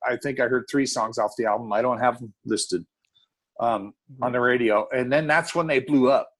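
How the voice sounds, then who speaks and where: A man co-hosting a casual music podcast, talking eagerly and fast about albums he loves. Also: medium pitch. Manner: enthusiastic, animated, talks fast. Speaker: podcast co-host.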